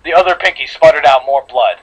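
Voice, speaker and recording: A man reads a gory fan story aloud to his friends in a dramatic voice. His pitch sits a bit high and moves a lot. There is a husky grain to his tone. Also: lively intonation, brisk, fairly bright tone, poor audio. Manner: dramatic reading with slips and re-reads. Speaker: story reader.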